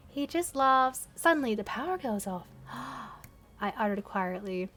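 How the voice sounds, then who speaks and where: A woman's voice: high-pitched, lively intonation, moderate pace, fairly bright tone. A young woman hosting her channel, reading her old story aloud with laughing, swearing, embarrassed asides, recorded on camera. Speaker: channel host.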